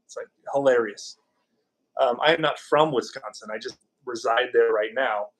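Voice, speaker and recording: A man's voice: medium pitch, moderate pace. A man from California hosting a live stream, chatting casually and jokingly with viewers. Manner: rambling and jokey, reacting to chat. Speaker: podcast host.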